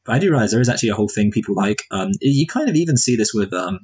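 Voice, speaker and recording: A man's voice: on the low side, lively intonation, very fast, a little mellow, breathy edge, poor audio. A married man co-hosting a movie review podcast, chatting casually with wry jokes and meandering asides. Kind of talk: casual chat.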